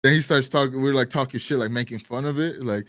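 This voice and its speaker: A man co-hosting a live stream show, telling a story in casual chat, animated and swearing, acting out quotes loudly. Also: medium pitch, fast talker, no echo. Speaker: podcast co-host.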